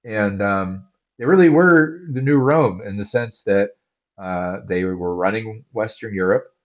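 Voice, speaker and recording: A man hosting a solo podcast, talking casually with many pauses and fillers. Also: fairly low pitch. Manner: slow, halting, many fillers. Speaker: podcast host. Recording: dull lo-fi audio.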